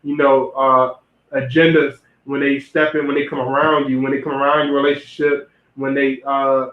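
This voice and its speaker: A young man hosts a livestream, rambling through zodiac relationship advice and speaking straight to his chat, often repeating and restarting phrases. His mid-range voice stays level at a moderate pace. The audio is roomy, lo-fi, and phone-like.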